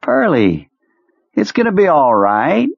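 A man's voice: on the high side, wildly swooping pitch, slow, vocal fry, husky, no room sound, lo-fi sound, voice pushed up, full character voice. A man putting on a jovial, sinister commander. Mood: soothing. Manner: breezy, jovial, quietly sinister. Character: cheerful menacing male military commander.

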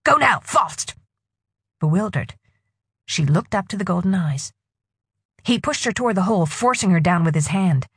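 A woman narrating a novel in a husky voice with expressive storytelling. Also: on the low side, normal speed, no echo, studio quality. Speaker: audiobook narrator. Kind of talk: scripted narration.

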